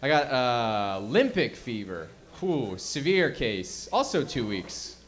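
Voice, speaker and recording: A man's voice: mid-range voice, very animated, slow. A man doing a stand-up set, wryly teasing the crowd and drawing out his punchlines. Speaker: stand-up comedian. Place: comedy club stage, audience.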